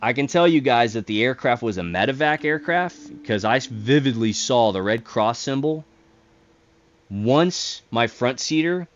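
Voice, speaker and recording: A man hosting a gaming video, telling a long personal story in a casual, rambling way, repeating words, swearing when excited and acting out the radio calls. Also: medium pitch, unhurried, highs cut off. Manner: acts out radio calls in quoted voices, gets heated. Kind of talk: casual storytelling over gameplay.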